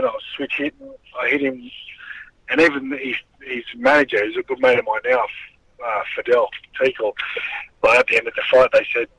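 A man's voice: medium pitch, breathy edge, no room sound, rough recording. A middle-aged man in a casual interview, telling rambling stories about his boxing past with a lot of swearing. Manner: swearing, rambling, animated storyteller. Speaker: former boxer, guest.

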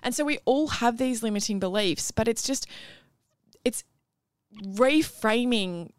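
A woman's voice: a little high, expressive, unhurried, clear, resonant tone, no room sound. Earnest young Australian woman, dry close sound. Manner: earnest and encouraging, many fillers. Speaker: podcast co-host. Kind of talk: casual chat.

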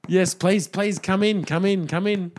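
A man's voice: sits high, fairly even intonation, a little slow, a little mellow, slight background noise. A man co-hosting a comedy podcast in casual, teasing chat and laughing often. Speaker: podcast co-host.

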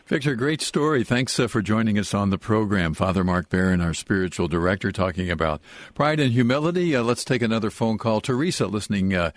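A man hosts a radio call-in show, introducing callers with an easy, welcoming manner. His voice sits a little low and sounds dry and close. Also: lively intonation, a little fast, few pauses, dry recording. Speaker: radio host.

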